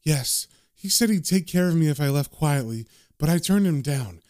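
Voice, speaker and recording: A tearful but stubborn landlady who pleads and stands her ground, as a man reads her lines. Her lines rise a little in pitch. She sounds like she is in a comic-book recap. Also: animated, normal speed, a little mellow, close to an everyday voice. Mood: pleading. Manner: pleading, then defiant. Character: grieving woman pub manager, stubborn and tearful.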